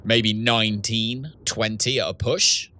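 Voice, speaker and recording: A man's voice: lowish voice, fairly even intonation, slow, pushed and bright. A man, chatting casually with viewers while playing a game live, reading out chat messages and laughing often. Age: 30s. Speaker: streamer and host. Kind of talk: casual livestream gaming chat.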